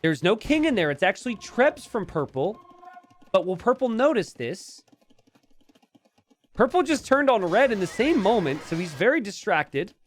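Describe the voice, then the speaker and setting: Male game caster, slightly high voice, playful banter that spikes into excited yelling. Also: moderate pace, a little hiss or hum. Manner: chatty, jokey, bursts into excited shouts and laughter. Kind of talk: live strategy game commentary.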